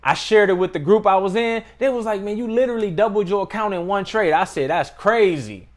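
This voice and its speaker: A young man talks to the camera in a loose, slangy storytelling way, his voice sitting a little high for a man. He is hosting his own trading channel and speaks from an indoor room. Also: brisk. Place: indoor room with adjustable lighting.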